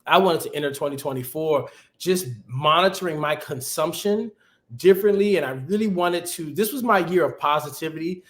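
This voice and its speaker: A man speaking casually as a guest in a webinar interview, giving animated, conversational career advice over a video call. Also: a little high, normal speed. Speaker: guest, TV executive producer.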